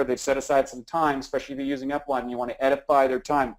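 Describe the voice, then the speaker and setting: A man giving an energetic sales training talk, acting out phone dialogue with frequent restarts. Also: medium pitch, racing, hardly any pauses, rough recording. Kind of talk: instructional talk.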